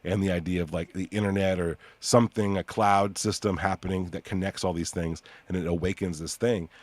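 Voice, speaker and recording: Deep-voiced rambling podcast host. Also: male voice, fairly quick, no echo. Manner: rambling with many fillers, excitable bursts. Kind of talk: casual chat.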